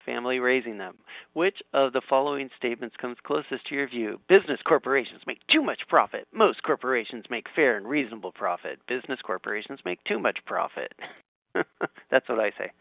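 A man with a gravelly, fry-edged voice reads out quiz questions and mulls over his answers in a casual chat. He hesitates often, with ums and restarts. The sound is tinny and phone-like. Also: mid-range voice, animated, a little fast, dry recording. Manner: thinks aloud with many ums and restarts. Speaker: quiz taker reading questions aloud.

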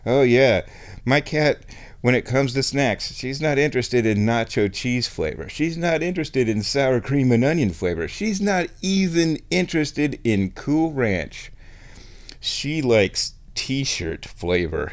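A man hosting a casual show at his microphone, playful, dropping into high baby talk for his cat. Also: lively intonation, a little slow. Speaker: radio host. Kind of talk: casual chat. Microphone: studio microphone.

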